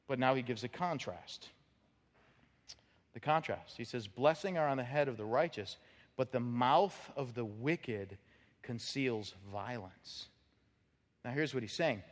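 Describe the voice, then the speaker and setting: A man preaching a sermon as pastor, animated, acting out quoted voices and repeating words as he builds up. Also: mid-range voice, unhurried. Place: church sanctuary. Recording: long reverb of a church hall.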